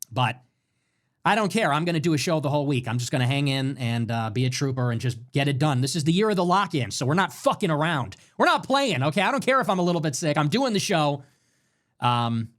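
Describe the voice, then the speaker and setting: A man's voice: on the high side, fairly quick. A man running his own livestream show, ranting with emphasis and frequent swearing while sick with a fever. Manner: animated, emphatic, swears often.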